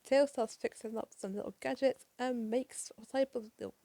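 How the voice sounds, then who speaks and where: A tired woman doing a casual late-night comic review, rushed and apologetic and swearing often. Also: fairly high pitch, steady tone, dark tone, no echo.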